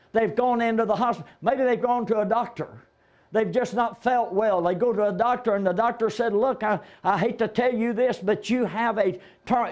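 A man's voice: high-pitched, a little mellow. A man preaching a conversational sermon in a church, retelling Bible stories and quoting the figures in his own voice.

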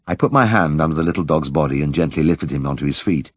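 Deep husky male audiobook narrator. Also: quick pace, hardly any pauses, dry recording, clean studio sound. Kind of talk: scripted narration.

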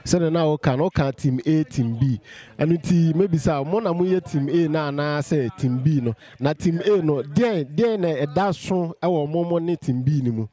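Lively Ghanaian man interviewing. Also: a little high, normal speed. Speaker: street interviewer. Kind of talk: casual on-the-street interview.

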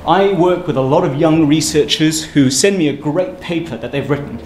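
A man giving a university seminar talk, brisk and emphatic in a conversational lecturing manner. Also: fairly high pitch, a little mellow. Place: lecture room. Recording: echoey room with faint ambient noise.

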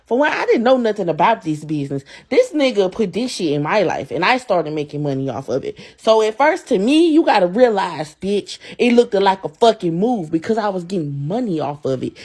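A woman's voice: mid-range voice, very animated, brisk, few pauses, a little mellow, slightly rough. A young adult woman on a livestream, ranting in a heated, profane, repetitive way and answering her chat. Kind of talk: angry live-stream rant.

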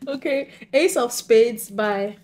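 Giggly, excitable young woman. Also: fairly high pitch, slow pace, slight background noise. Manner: excitable, giggly, talks to her viewers directly. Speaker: book vlogger. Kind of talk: casual chat to camera.

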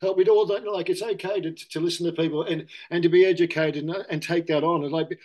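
A man's voice: a little high, steady tone, quick pace, a little mellow. A middle-aged Australian man in casual candid conversation, rambling and correcting himself, often saying mate. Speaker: interview guest.

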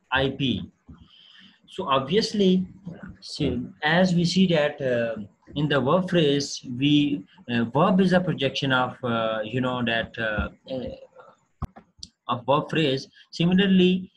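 A man giving a recorded linguistics lecture, talking haltingly with many fillers and restarts. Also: fairly high pitch, breathy edge, rough recording.

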